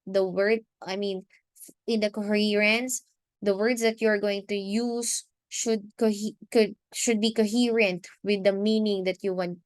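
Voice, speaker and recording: A woman teacher with a Filipino accent giving a recorded lesson, speaking in a measured way and often repeating or restarting phrases. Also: medium pitch, no room sound. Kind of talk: recorded online lecture.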